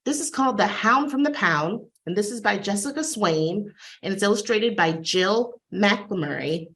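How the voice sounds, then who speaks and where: An enthusiastic woman librarian talks through new picture books in a chatty webinar booktalk. She speaks over a video call at a medium pitch. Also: expressive, moderate pace, fairly bright tone. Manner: enthusiastic, chatty, acts out dog sounds.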